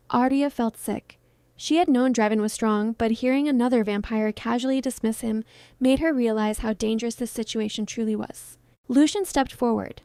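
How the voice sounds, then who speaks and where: A woman reading a dramatic romance story aloud as narrator, in a steady storytelling manner. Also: fairly high pitch, normal speed, clean tone, dry recording. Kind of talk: scripted audiobook narration.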